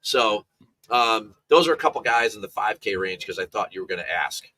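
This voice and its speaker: A man's voice: lowish voice, animated, normal speed, bright, forceful tone. A man analyzing golf for betting in a casual chat, telling rambling stories full of restarts and asides.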